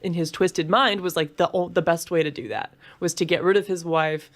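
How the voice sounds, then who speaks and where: A woman co-hosting a casual podcast chat, animated and chatty, peppering her talk with "like" and the odd swear. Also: on the low side, brisk. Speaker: podcast co-host.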